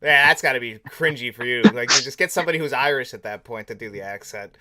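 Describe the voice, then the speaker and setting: A man's voice: medium pitch, quick pace, crowd noise. A man from North America co-hosting a film podcast in casual chat, laughing often and swearing casually. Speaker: podcast co-host.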